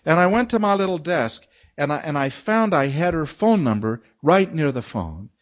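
A man preaching, telling a long personal story with lively, acted-out quotes and frequent laughs. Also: fairly high pitch, moderate pace, lo-fi sound. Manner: animated storytelling, acting out quoted voices. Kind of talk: storytelling sermon.

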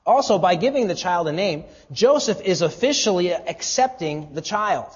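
A man delivering a sermon as pastor, his voice pitched high and slightly husky. He preaches earnestly, pushing key words up with force and then dropping to a hush. The recording sounds dull and lo-fi. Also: lively intonation, moderate pace. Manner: earnest preaching with emphatic rises and hushed drops.

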